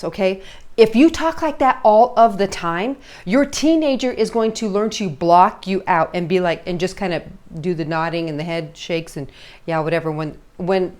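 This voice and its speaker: A woman's voice: mid-range voice, darkish tone. Middle-aged woman, parenting coach, chatty, keeps checking in with listeners. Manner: conversational, checks in constantly with "okay?" and "all right?". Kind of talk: casual coaching talk.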